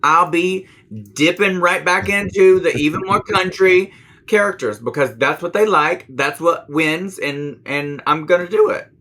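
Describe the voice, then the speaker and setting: A man's voice: high-pitched, unhurried, crowd noise. A man co-hosting a podcast, giving opinions in casual chat and repeating points for emphasis. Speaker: podcast co-host.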